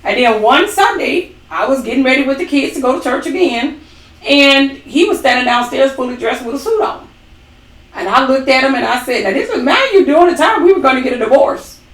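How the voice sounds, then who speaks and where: A woman's voice: high voice, lively intonation, brisk, far from the mic. A woman co-hosting a ministry talk, giving an emphatic testimony with dramatic quoted asides. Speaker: ministry co-host. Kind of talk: testimony-style faith talk. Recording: echoey room, away from the mic.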